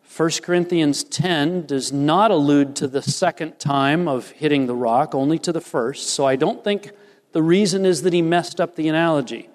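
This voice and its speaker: A man's voice: a little high, moderate pace, big-room sound. A man preaching a sermon, reading scripture and explaining it with earnest emphasis. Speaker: pastor.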